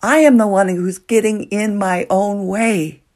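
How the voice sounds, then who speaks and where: A woman hosting a solo motivational podcast, earnest and emotional, moving between soft hushed lines and excited bursts. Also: mid-range voice, unhurried. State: nervous, emotional. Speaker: podcast host.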